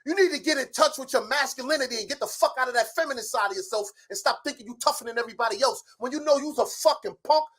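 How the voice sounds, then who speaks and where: Man, middle-aged, furious rant, loud, swearing, heated debate over a video call. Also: very high voice, fast, hardly any pauses. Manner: loud, profane, ranting. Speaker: show guest. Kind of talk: heated argument.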